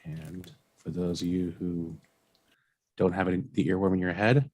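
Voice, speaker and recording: Male, low pitch, casual and playful. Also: steady tone, normal speed, a little mellow. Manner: playful, breaks into sung lines.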